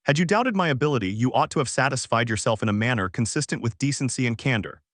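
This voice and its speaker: A cunning, silver-tongued young adventurer speaks with cool, haughty poise, voiced by a man in an audiobook. His voice is dry and close to the mic, at a middling pitch. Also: animated, fairly bright tone, no echo. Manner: haughty, measured rebuke. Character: cunning, smooth-talking young male adventurer.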